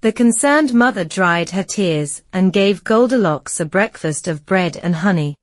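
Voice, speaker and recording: A woman narrating a children's story slowly and carefully for English learners. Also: fairly low pitch, lively intonation, no echo, studio quality. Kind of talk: slow scripted story narration.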